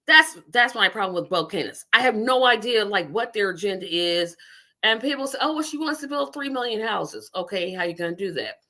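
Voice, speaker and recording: A woman's voice: mid-range voice, bright, forceful tone. A woman hosting a casual political livestream, rambling and talking to her viewers while she multitasks. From Indiana. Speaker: livestream host.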